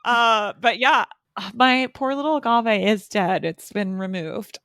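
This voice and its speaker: A woman's voice: a little high, unhurried, fairly bright tone, clean tone, no room sound, studio quality. Giggly woman chatting on a podcast. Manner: giggly, lots of "like" fillers. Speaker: podcast co-host. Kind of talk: casual chat.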